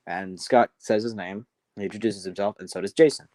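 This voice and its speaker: A man's voice: on the low side, fairly even intonation, fairly quick, darkish tone, dry recording. A man casually telling a story on a livestream, rambling with many restarts. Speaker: storyteller, streamer.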